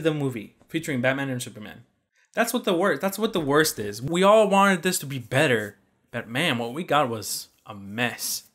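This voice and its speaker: A young man delivers a casual movie rant in a somewhat high voice. He sounds exasperated and blunt, and he swears freely as he complains. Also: a bit bright. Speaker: movie reviewer.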